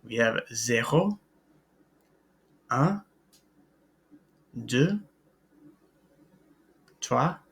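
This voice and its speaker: A man's voice: medium pitch, creaky, fairly bright tone. A man teaching a recorded French language lesson, hesitant with many ums and uhs, spelling out words letter by letter.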